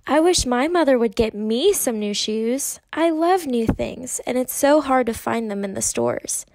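A woman's voice: a little high, lively intonation, unhurried, darkish tone, no room sound, studio quality. Woman voicing a poised, theatrical young girl. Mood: bright. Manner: sophisticated, theatrical.

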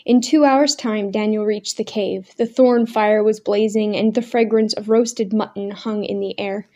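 A woman reading a novel aloud as narrator, in a measured, expressive way. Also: medium pitch. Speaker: audiobook narrator. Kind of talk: scripted narration.

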